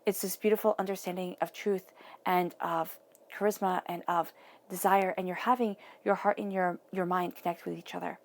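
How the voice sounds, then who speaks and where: A woman's voice: fairly low pitch, fairly even intonation, normal speed, gravelly. A woman giving a tarot reading, talking earnestly and directly to the viewer in a casual, conversational way. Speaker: tarot reader.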